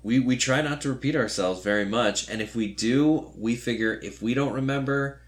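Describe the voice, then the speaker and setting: A man's voice: mid-range voice, moderate pace. A man co-hosting a podcast, chatting casually and rambling with lots of fillers as he retells a show. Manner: rambling, filler-heavy retelling with playful quoted voices. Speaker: podcast co-host. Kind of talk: casual chat.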